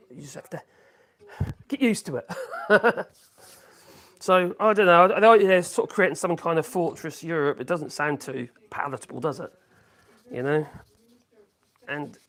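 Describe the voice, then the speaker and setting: Gravelly live-streamer, rambling chat. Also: mid-range voice, fairly bright tone. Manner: rambling, hums to self, frequent chuckles. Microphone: phone.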